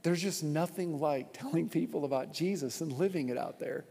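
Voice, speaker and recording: A man preaching a sermon as pastor from a church stage, animated and repeating his points for emphasis. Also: a little high, moderate pace, creaky. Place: church auditorium with long reverb. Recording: long hall reverb.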